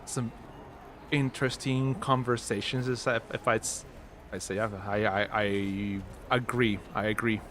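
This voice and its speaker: On the low side and steady, a little slow and fairly bright, this man's voice comes with slight background noise. He's hosting a casual gaming livestream, rambling through the chat with lots of fillers and restarts and laughing easily as game music plays.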